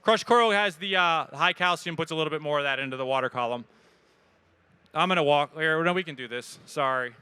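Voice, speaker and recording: A man gives a live expo talk in an event hall, taking questions from the audience. His high, bright, very clear voice moves a little fast. He's casual and energetic, cracking jokes as he goes.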